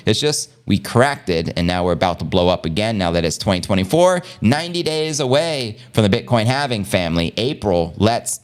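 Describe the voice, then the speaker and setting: A man hosting a live crypto news stream, reading headlines and excitedly shouting out viewers as family. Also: mid-range voice, brisk, few pauses. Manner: hype, calls viewers family, shouts out members. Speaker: crypto news livestream host.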